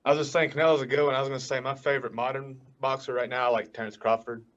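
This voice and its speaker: A relaxed, friendly man asks questions in a mid-range voice. His audio comes through slightly dull and lo-fi, a notch below the rest of the panel. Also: medium pitch, racing. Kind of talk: casual sports talk show.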